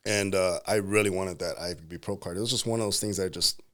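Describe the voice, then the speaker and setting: A man in his thirties, a pro bodybuilder and entrepreneur, telling stories in a casual interview, animated and quick to laugh. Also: low-pitched. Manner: animated, laughs often, acts out quotes.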